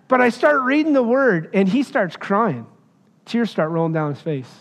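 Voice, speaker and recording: A man's voice: high voice, lively intonation, unhurried, big-room sound. A man preaching a sermon, telling a personal story and driving home his points with emphasis. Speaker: pastor.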